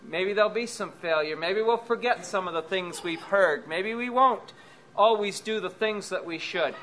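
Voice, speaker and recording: A man preaching a sermon at a conference, gentle, with rhetorical asides to his hearers. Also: sits high, moderate pace, a little hiss or hum. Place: conference hall.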